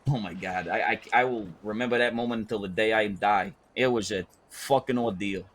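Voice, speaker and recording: Animated cursing man telling a story. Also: fairly low pitch, a little fast. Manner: animated, profane storyteller who acts out quotes. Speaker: roleplay game player. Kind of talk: casual in-character storytelling.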